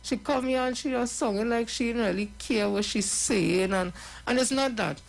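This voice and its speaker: A woman's voice: a little high, moderate pace, gravelly, poor audio. Passionate woman on a talk show. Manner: passionate, emphatic, repeats herself.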